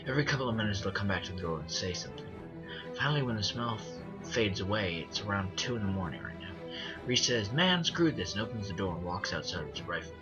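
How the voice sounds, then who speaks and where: A man narrating a first-person horror story as an earnest storyteller, restarting phrases and slowing down on the creepy parts. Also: deep voice, animated. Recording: dull lo-fi recording with music behind. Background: music bed.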